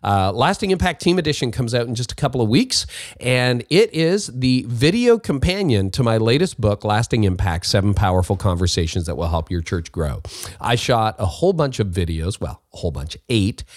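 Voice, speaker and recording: A man's voice: medium pitch, a little mellow, no echo, studio quality. A man with a Canadian accent hosting a podcast, talking in an upbeat, chatty way with little asides. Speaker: podcast host. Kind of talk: casual solo monologue.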